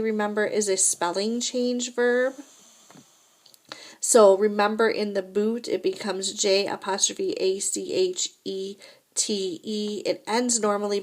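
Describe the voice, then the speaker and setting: A woman's voice: medium pitch, fairly even intonation, measured pace. A woman teaching a recorded French lesson, explaining grammar step by step and checking in with "right?" and "okay?".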